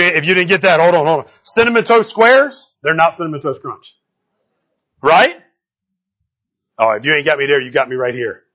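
Male pastor with a high, husky voice, conversational preaching that swings from quiet asides to shouts. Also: highs cut off. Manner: animated, conversational preaching with frequent "right?" asides; swings from low murmurs to shouted outbursts. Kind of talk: sermon.

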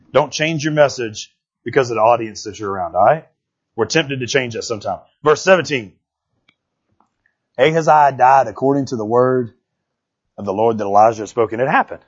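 A man's voice: mid-range voice, fairly quick, breathy edge. A man preaching a folksy sermon to his church, telling jokes and calling out to the congregation. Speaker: pastor. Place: church sanctuary. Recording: dull, muffled sound.

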